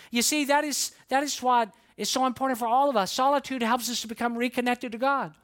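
A middle-aged pastor preaching a sermon, animated, acting out quoted voices and repeating words for emphasis. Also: male voice, extremely high pitch, fairly quick, hardly any pauses.

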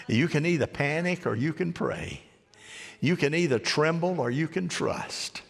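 A man preaching a sermon in a church, swinging between loud rising cries and low hushed phrases. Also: measured pace, vocal fry. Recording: long hall reverb.

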